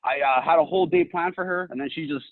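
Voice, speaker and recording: A high-voiced man with a Canadian accent calls in, talking slow and slangy and often repeating himself. His voice comes through dull and lo-fi, dry with no room sound. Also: no room sound. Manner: laid-back, slangy, repeats words. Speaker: caller. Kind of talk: casual call-in chat.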